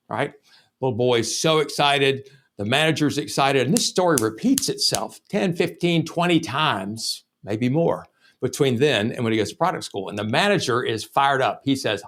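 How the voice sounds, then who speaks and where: A man's voice: mid-range voice, lively intonation, normal speed, fairly bright tone. A man hosting a sales podcast, telling a story as a lesson in a casual, profane, anecdotal way. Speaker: sales trainer and podcast host.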